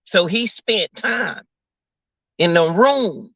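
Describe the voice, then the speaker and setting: Gravelly, bright-voiced man ranting to viewers. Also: high voice, lively intonation, slow, no echo. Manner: incredulous, repeats phrases, talks to viewers as y'all. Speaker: commentary vlogger. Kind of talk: casual live commentary. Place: at work, away from home. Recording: dull lo-fi audio.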